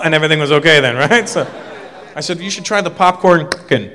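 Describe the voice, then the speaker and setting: A man with a high voice tells a stand-up anecdote in a relaxed, talky way, dropping into quoted voices now and then. His voice rings with a long reverb in a live room, over faint background noise. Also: fast. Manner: conversational storytelling with quoted voices. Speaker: stand-up comedian. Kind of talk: stand-up routine.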